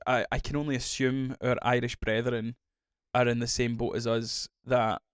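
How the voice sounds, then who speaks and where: A Scottish man co-hosting a casual podcast chat, rambling and animated, swearing freely. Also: medium pitch, normal speed, clear, resonant tone, no room sound, studio quality. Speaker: podcast co-host.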